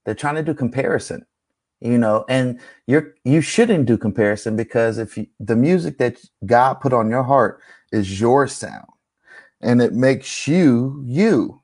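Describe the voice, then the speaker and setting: A man's voice: a little slow, darkish tone. Encouraging man hosting a faith chat. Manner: encouraging, preacher-like rises in pitch. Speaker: host. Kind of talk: casual faith conversation.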